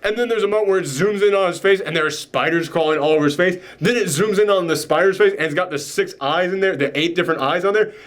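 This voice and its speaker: A man casually recapping a film scene by scene, rambling with enthusiasm and acting out bits in quick voices. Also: sits high. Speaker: podcast host. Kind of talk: casual movie reaction chat.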